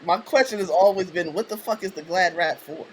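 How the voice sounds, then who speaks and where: Quick, high-voiced male co-host. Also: low-quality recording. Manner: blunt questions, joking. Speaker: podcast co-host. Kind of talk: casual banter. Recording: loud crowd noise behind.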